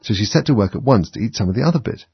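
A man narrating a storybook in a measured, lively way. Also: on the low side, gravelly, slightly rough, dry recording. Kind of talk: storybook reading. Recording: dull, dry lo-fi recording.

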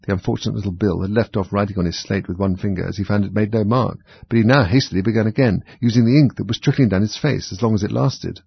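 A man calmly narrating a storybook in a measured way. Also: fairly low pitch, gravelly, breathy edge, no room sound. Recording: dull, dry lo-fi recording.

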